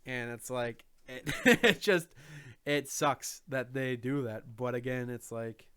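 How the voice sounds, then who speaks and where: A young man with a bright, forceful voice at a middle pitch, chatting on a stream. He jokes around and swears freely. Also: slow pace, clean tone. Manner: joking, swears freely, thanks donors. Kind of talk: casual chat.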